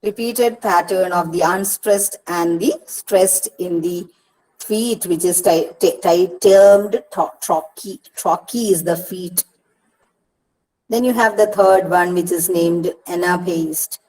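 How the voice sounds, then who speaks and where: Slow, patient Indian woman lecturer. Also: lowish voice, a little mellow, low-quality recording. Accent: Indian English. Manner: slow, patient, spells out syllables and repeats words. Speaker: university counsellor teaching English poetry. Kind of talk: online counselling lecture. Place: Kerala, India regional study centre session.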